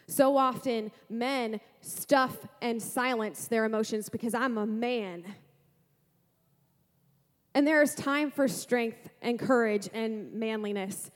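A woman pastor preaching a sermon to a congregation, lively, asking rhetorical questions and making playful asides. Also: on the high side, measured pace, long reverb tail.

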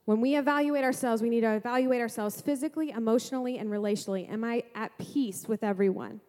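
A woman pastor preaching a sermon to a congregation, lively, asking rhetorical questions and making playful asides. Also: fairly high pitch, quick pace, big-room sound.

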